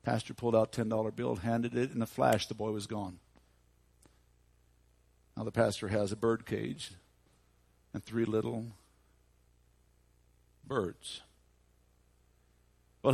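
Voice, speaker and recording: Storytelling male pastor, mid pitch, dry close sound. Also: gravelly, darkish tone, no room sound. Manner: dramatic, slows down for emphasis. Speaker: preacher. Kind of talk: sermon storytelling.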